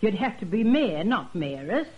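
A mid-pitched, matter-of-fact voice of a club lady who tries to settle quarrels. She sounds impatient yet placating. The old radio recording is dull and muffled. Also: sing-song, moderate pace, slightly rough. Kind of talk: vintage radio serial acting.

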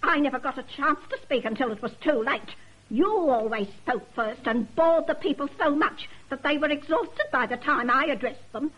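Grumbly aggrieved local woman, high sharp voice, always hard done by, old radio play. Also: normal speed, low-quality recording. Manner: sulky, complaining, aggrieved. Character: Mrs Ramsey, touchy resentful older local woman. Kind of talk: vintage radio serial acting.

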